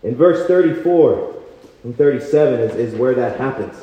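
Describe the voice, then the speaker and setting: A young man preaching a passionate sermon at a campus retreat, telling a personal story with lively quoted voices. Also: medium pitch, moderate pace. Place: large hall at a retreat. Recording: echoey hall, dull sound.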